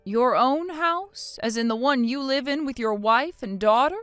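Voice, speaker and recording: A woman voicing a calm, shrewd grandmother who soothes a child and needles her son-in-law. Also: high voice, a little slow, clear, resonant tone, no room sound, soft background music. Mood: icy.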